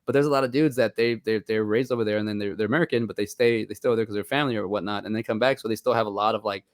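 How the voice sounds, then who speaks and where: A man co-hosting a movie podcast, talking fast in a rambling, animated way and slipping into voices for the people he quotes. The sound is dry and close, with no room around it. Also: lowish voice, no room sound. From Mexico. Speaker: podcast co-host. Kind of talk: casual movie podcast chat.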